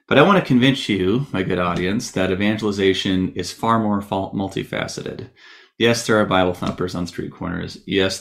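A man giving an earnest, reflective talk on faith to an audience, thinking aloud with frequent fillers and restarts. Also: fairly low pitch. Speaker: Catholic speaker on evangelization.

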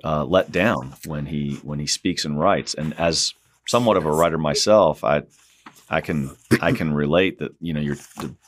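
A man's voice: a bass voice, normal speed, a little hiss or hum. A man hosting a conversational interview, reflective and rambling as he talks. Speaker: host.

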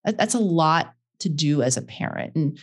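A woman hosting a podcast, asking long, measured, thoughtful questions. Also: low-pitched, lively intonation. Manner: measured, thoughtful, searching phrasing. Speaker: podcast host. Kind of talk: interview conversation.

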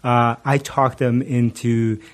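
A man's voice: mid-range voice, slow pace. Middle-aged guy telling a funny story, laughs a lot, lots of uhs and restarts. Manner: animated, laughs often, frequent fillers and restarts. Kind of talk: casual storytelling chat.

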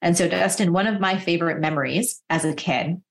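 A woman's voice: on the low side, brisk, gravelly. A woman in her forties from New Jersey, a guest telling vivid personal anecdotes in conversation, with plenty of casual "like" fillers.

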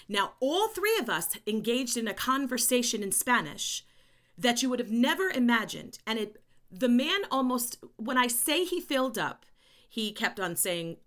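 Woman, educator guest, lively emphatic storyteller; bright, fairly high voice with big swings in pitch. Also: normal speed. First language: English. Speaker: language educator and consultant guest. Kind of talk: storytelling in a podcast interview.

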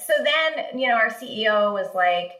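A woman guest, a marketing executive, telling career stories in a casual interview, animated, laughing often and using many fillers. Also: fairly high pitch, normal speed, roomy sound, low-quality recording.

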